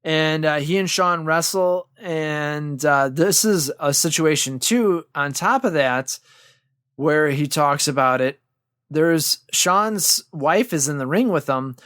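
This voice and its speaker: A man's voice: on the high side, slow, a bit bright, dry recording. A man co-hosting a home-studio podcast, casually retelling wrestling history with lots of fillers and restarts. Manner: rambling recap with many fillers and restarts. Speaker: podcast co-host.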